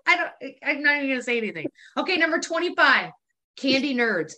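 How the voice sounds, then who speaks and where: A woman's voice: high voice, expressive, moderate pace, pauses often, pushed and bright. A woman co-hosting a podcast, ranting casually in an exasperated way, with frequent laughter and swearing. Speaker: podcast co-host. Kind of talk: casual chat.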